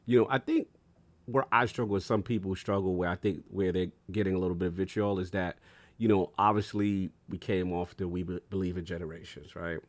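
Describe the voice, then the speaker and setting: A man with a fairly low voice hosts a gaming podcast. He talks in a relaxed, casual way and puts questions to his co-hosts. He drops in frequent short agreements. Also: brisk, no room sound. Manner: relaxed, asks questions, many backchannels. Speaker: podcast host. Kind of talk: casual chat.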